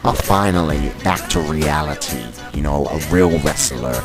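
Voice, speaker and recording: A man with an extremely deep, low voice gives mock wrestling commentary. He sounds sarcastic and exasperated, with crude jabs. Faint music plays behind him. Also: normal speed, low-quality recording.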